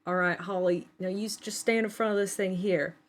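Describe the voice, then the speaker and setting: A woman voicing a cheerful grandfather who coaxes his family into a photo, loud and raised in pitch. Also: fairly even intonation, fairly quick.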